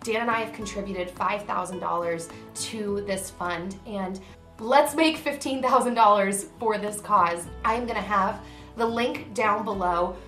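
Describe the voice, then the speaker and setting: A woman's voice: medium pitch, measured pace, a bit bright, faint music behind. Earnest woman vlogger in echoey room. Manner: earnest, emphatic, grows emotional. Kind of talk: heartfelt direct-to-camera vlog.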